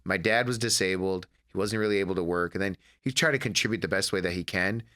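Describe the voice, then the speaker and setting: A Detroit comedian and actor in his thirties, with a low-pitched voice and fast delivery, appears as a podcast guest telling family stories. He's an animated storyteller in this casual interview, acting out the scenes as he goes.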